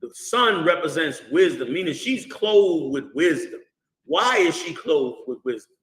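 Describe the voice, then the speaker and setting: A man's voice: a little high, lively intonation, a little slow, a bit bright. A man teaching scripture in a casual, emphatic way and calling on students to read and answer. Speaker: Bible study teacher. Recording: roomy echo.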